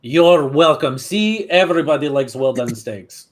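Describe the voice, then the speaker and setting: Playful, lively man playing a tabletop game. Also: fairly high pitch, measured pace. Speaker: player.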